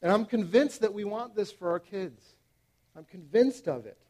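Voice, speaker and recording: High-voiced man preaching animatedly. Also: normal speed. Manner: animated, emphatic, with frequent fillers and restarts. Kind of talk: sermon to parents.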